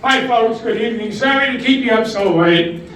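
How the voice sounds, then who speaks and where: An older man doing stand-up at a retirement home talent show, slowly delivering one-liners and chuckling at his own punchlines. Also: very high voice, a bit bright. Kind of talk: stand-up joke telling. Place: community room of a retirement residence. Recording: echoey room, distant mic, background noise.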